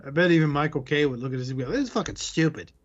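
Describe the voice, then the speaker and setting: A podcast host with a fairly high voice talks rapid-fire, ranting sarcastically and swearing constantly in casual banter. The lo-fi audio sounds slightly muffled.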